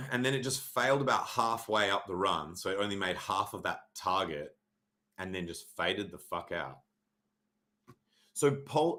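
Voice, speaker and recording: A young adult man hosting a casual livestream, sarcastic and mock-dramatic, swearing freely and often clearing his throat. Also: on the low side, pushed and bright. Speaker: livestream host reviewing crypto charts. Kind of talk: casual livestream chart talk.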